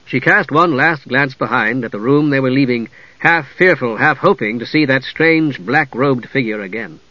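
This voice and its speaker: A man narrating a fantasy audiobook in a measured, expressive storytelling manner, on a dull lo-fi recording. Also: mid-range voice, no echo. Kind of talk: scripted narration.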